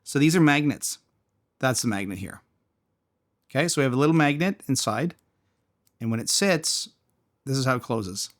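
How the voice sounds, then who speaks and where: A man's voice: mid-range voice, animated, normal speed, long pauses. A man casually reviewing and taking apart a small fidget toy, thinking aloud as he tinkers. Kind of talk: casual product teardown.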